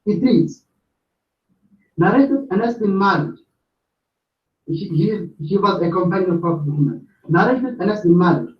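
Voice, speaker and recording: Man, caller, halting, filler-heavy, high voice, far from the mic, roomy echo. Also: expressive. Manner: halting, many filler sounds. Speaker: debate caller. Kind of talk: debate reading references. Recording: distant echoey muffled call audio.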